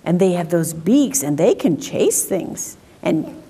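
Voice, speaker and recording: A woman reading picture books aloud at a children's story time, asking questions and making animal sounds in a slow, sing-song way. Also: fairly low pitch, sing-song, mellow, slightly rough.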